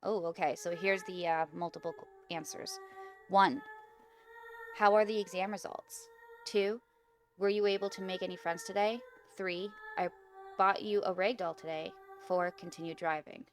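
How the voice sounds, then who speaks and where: A woman's voice: fairly low pitch, normal speed, faint music behind. A young woman hosting a gaming video, casually reading out an interactive horror story, giggling and stumbling over words.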